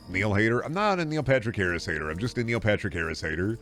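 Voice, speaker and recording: Lively, rambling male streamer. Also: fairly low pitch, fast talker, hardly any pauses, soft background music. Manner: rambling, profane, jokey. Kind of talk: casual chat while streaming a game.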